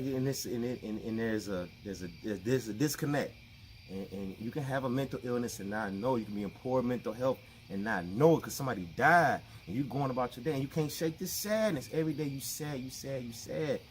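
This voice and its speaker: A man's voice: medium pitch, a little hiss or hum. A man with explaining things in a casual, conversational talk to camera. He often repeats himself and acts out the people he quotes. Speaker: vlogger.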